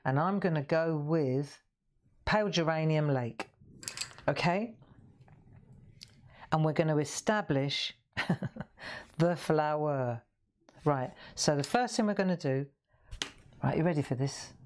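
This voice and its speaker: A woman's voice: low-pitched, slow pace, pauses often, a little mellow. A woman hosting a live coloring demonstration, chatting and asking viewers questions as she works. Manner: chatty, asks viewers questions, laughs often. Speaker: craft show host.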